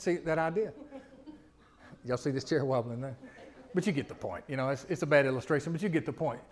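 Preaching in a conversational style, a middle-aged pastor poses rhetorical questions to his congregation and climbs to loud, emphatic peaks. He speaks a little fast in a fairly high voice, leaving long pauses.

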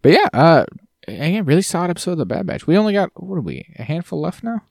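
A man co-hosting a podcast in casual chat; animated, laughs often and slips into silly voices. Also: fairly high pitch, fast, vocal fry, dry recording, clean studio sound. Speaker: podcast co-host.

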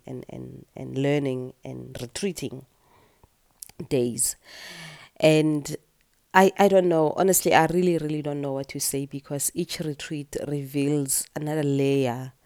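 A woman hosting her own podcast, speaking earnestly in a groggy morning voice, with halting restarts and repeated phrases. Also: deep voice, creaky, a little mellow. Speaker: podcast host and retreat teacher. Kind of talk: reflective solo podcast monologue.

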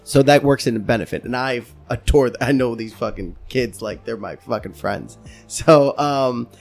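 A man hosting a casual podcast, excitable and profane, laughing as he talks. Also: mid-range voice, moderate pace, gravelly, soft background music. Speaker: podcast host.

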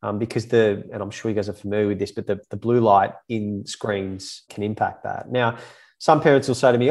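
A man's voice: on the low side, fairly quick, creaky, darkish tone. A man in his thirties explaining child development in a casual, chatty, self-deprecating way. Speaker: child psychology expert guest. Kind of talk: casual podcast chat.

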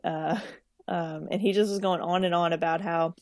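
Young woman, low voice, dry close sound, rambling podcast storyteller. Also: fairly even intonation, normal speed, darkish tone, no echo. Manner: storytelling with many fillers and restarts. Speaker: podcast co-host, social worker. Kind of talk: casual podcast chat.

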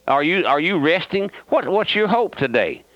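A man's voice: on the high side, sing-song, moderate pace, dry recording. A man preaching a radio sermon as pastor, fervently and repeatedly questioning his listeners. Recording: dull lo-fi dry radio broadcast.

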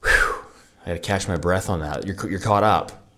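Low-voiced man rambling about gear. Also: brisk, fairly bright tone. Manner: rambling, restarts often, enthusiastic about gadgets. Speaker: podcast co-host. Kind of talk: casual gear review chat.

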